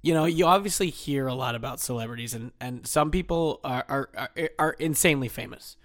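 A man's voice: medium pitch, a little fast, fairly bright tone, no room sound. Dry-miked man, stumbling podcast chat. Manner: stumbles over words, laughs easily. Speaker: podcast co-host. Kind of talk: casual comedic chat.

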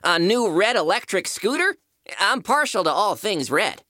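Sensible cartoon tomato host voiced by an actor, patient, kinda exasperated, bouncy pitch, music behind. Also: big pitch swings, moderate pace, bright, forceful tone, no room sound, clean studio sound. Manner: level-headed, patient, mildly exasperated. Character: sensible male tomato, patient and slightly fussy. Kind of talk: cartoon podcast voice acting.

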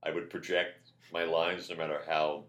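A man on a podcast, telling long anecdotes in a rambling, animated way and acting out quotes in a loud voice. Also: extremely low pitch, moderate pace, muffled recording. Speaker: podcast guest. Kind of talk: casual anecdotal storytelling. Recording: roomy echo.

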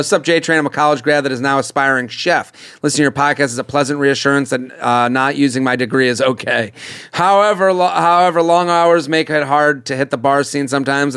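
A man's voice: medium pitch, fairly bright tone, clean tone, dry recording, clean studio sound. A young man hosting a casual comedy podcast, laughing often and saying "like" a lot. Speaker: podcast host.

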